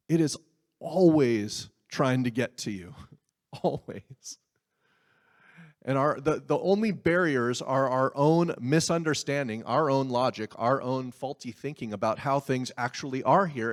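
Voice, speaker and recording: A man preaching a sermon in a conversational way, with asides and laughs. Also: medium pitch. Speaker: pastor.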